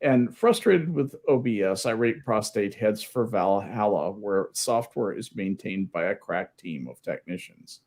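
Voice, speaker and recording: Low gravelly man hosting a chat. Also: expressive, darkish tone. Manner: halting, many restarts, wry jokes. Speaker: podcast host. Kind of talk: casual group chat.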